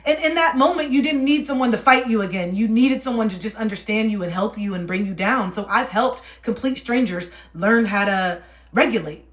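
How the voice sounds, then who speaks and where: A young woman with a fairly high, slightly quick voice chats casually on a livestream as she reads cards for viewers. She laughs often and turns soothing when reassuring them, and the room gives a roomy echo.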